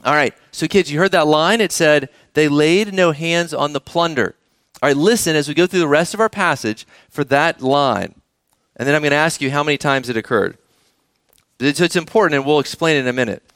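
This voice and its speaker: A man's voice: fairly high pitch, fairly quick, a bit bright, no echo, studio quality. A man preaching a sermon, reading scripture aloud and asking the children in the congregation questions. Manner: engaging, asks the children questions. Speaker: pastor.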